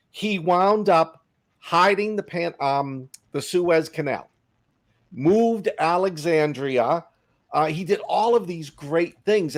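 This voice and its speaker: A middle-aged man co-hosting a podcast, telling anecdotes in a casual, animated way. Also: fairly high pitch. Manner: animated anecdote-teller, acts out quotes. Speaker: podcast co-host. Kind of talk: casual storytelling chat.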